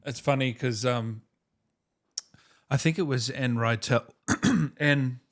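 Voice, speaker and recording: A man in his thirties hosts a casual interview in an easygoing, enthusiastic way. His voice sits at an ordinary mid pitch. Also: slow. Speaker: podcast host.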